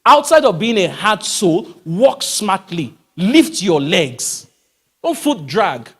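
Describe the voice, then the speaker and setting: Brief: lively male speaker, high and swooping, emphatic, quizzes the crowd. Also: slow pace, husky. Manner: emphatic, animated, asks rhetorical questions. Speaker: motivational speaker. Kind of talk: live talk to a church audience. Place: church hall, live audience.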